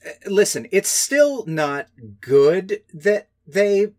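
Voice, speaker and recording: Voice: medium pitch, sing-song, drawn-out words, a little mellow. Critical podcast co-host who says "like" a lot. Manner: critical, heavy use of "like". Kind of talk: casual film-review chat.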